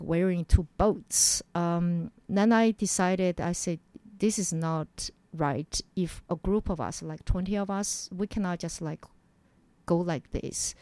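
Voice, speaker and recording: A woman's voice: fairly low pitch, smooth, dry recording. Woman telling her story. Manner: animated, acts out quotes in a raised voice. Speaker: interview guest. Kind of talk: personal storytelling in an interview.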